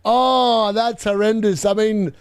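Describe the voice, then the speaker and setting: A young man with a fairly high voice, hosting a live fantasy football stream. He chats loosely and reacts excitably to each score update. His close mic gives a dry, tight sound with no room around it. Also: slow, clean tone, no echo. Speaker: fantasy football livestream host. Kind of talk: live watchalong commentary.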